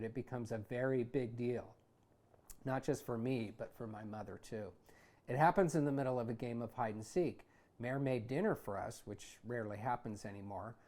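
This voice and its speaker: A man who hosts a show, reading his own memoir aloud in a conversational, wry way that gets animated in heated passages. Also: medium pitch. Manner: conversational, wry, animated when retelling anger. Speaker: author and host.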